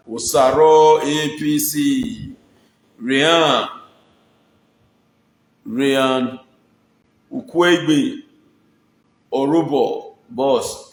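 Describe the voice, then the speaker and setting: A man with a Nigerian accent, a vlogger casually thanking his viewers by name, shifting between low murmured thanks and sudden loud excited bursts. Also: reverberant, poor audio. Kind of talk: casual Pidgin-laced shout-outs.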